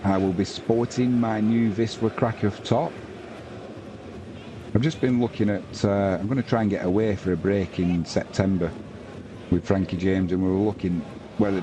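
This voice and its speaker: This man hosts a live football watch-along, his fairly low voice set against background noise. Chatty and casual, he mixes commentary with talk to his viewers and reads their chat messages aloud.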